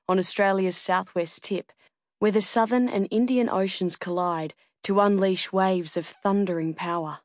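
A woman narrating an audiobook in the first person, reading in a measured and steady way. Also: fairly low pitch, dry recording, clean studio sound.

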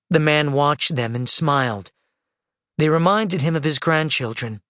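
A man's voice: fairly high pitch, a bit bright, dry recording. Dry, close male audiobook narrator. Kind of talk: scripted narration.

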